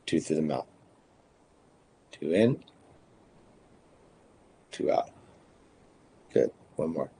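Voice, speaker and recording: A man guiding a breathing practice, calmly counting breaths and giving short instructions. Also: very deep voice, very slow, creaky, long pauses, a little hiss or hum. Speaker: breathwork guide.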